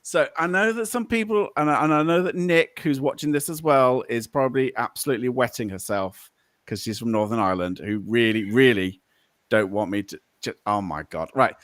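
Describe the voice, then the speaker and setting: A man's voice: mid-range voice, a little fast, fairly bright tone, no room sound, studio quality. A man hosting a podcast, joking and swearing through laughs and thanking his guest in a loose, bantering way. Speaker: podcast host. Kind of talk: casual podcast interview.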